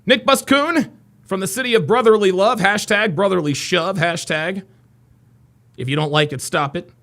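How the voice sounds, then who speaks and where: A man hosting a casual livestream, reading out viewers' names and places with upbeat shout-outs and dropping into low mumbled asides. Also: moderate pace. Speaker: livestream host.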